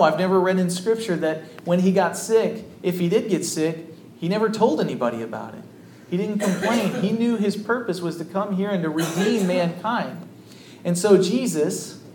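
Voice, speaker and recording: A man with a fairly high voice delivers a sermon, telling the story in a relaxed, conversational way. The sound carries the echo of a large church room, with a faint hum of ambience behind. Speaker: pastor.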